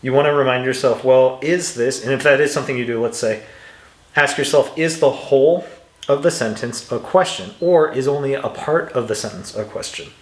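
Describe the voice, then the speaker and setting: Male English tutor, methodical and patient, medium-pitched voice, slightly echoey room, hint of a dry throat. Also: moderate pace. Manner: patient, methodical, reads example sentences aloud with exaggerated intonation. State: dry throat, clears it now and then. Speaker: English teacher. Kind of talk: instructional walkthrough.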